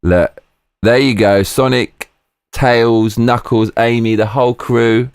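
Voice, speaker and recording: A man hosting a live stream, commenting on footage in an excitable, slangy, chatty way. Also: mid-range voice, takes it slowly, clear, resonant tone, no room sound, clean studio sound. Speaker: streamer host.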